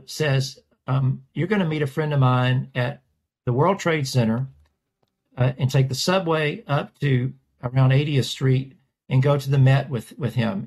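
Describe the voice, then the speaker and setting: Guest artist, male storyteller, husky and gravelly, animated retelling. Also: medium pitch. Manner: animated storyteller, acts out quoted voices. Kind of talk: storytelling in a podcast interview.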